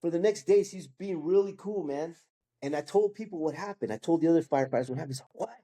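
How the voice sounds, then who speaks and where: A man's voice: on the high side, fast talker, warm tone. A man in his fifties, a guest sharing his testimony in casual storytelling, acting out the people in it and dropping "bro" and "man" as he goes.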